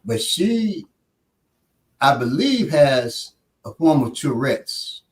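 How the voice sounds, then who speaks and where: Animated storytelling man, roomy sound. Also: slow, far from the mic. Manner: animated, acts out quotes with big pitch jumps. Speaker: show instructor telling a story. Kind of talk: casual storytelling. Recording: echoey room, voice off-mic.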